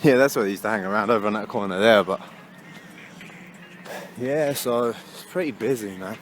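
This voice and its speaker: A man's voice: lowish voice, normal speed. A young man talks into a handheld camera while walking through town. His chat is loose and slangy, full of swearing and laughter. Faint street and traffic noise sits behind him. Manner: chatty, swears a lot, laughs often, slangy. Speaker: vlogger. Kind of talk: casual walking vlog. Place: outdoors on busy town streets.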